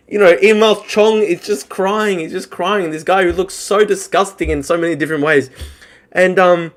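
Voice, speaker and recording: Man streamer, live reaction rant, somewhat high voice, scornful, swears a lot. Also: moderate pace. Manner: scornful, profane, mocking. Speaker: political streamer.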